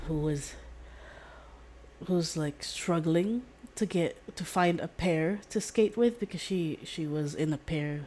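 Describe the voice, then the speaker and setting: Woman streamer, low voice, loose rambling chat, giggles a lot, swears freely. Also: warm tone, slight background noise. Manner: rambling and giggly, laughs often; casual swearing. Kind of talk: casual chat.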